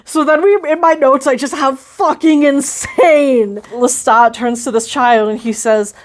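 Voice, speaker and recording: A woman's voice: high voice, steady tone, unhurried. A young adult woman giving casual, slangy, profane book commentary with lots of "like.". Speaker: book vlogger.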